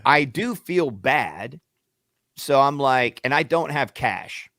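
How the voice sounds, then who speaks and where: Male radio co-host, mid pitch, dry close mic, animated profane storyteller. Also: slow pace, no echo. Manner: profane, acts out shouting matches in quotes.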